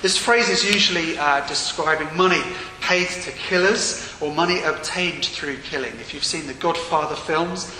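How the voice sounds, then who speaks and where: A man delivers a sermon with a bright, forceful voice set a touch high. He speaks earnestly, with emphasis that rises and falls. The sound carries a long, echoing hall reverb and faint room noise. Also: moderate pace, few pauses. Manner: earnest, with rising and falling emphasis. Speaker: preacher.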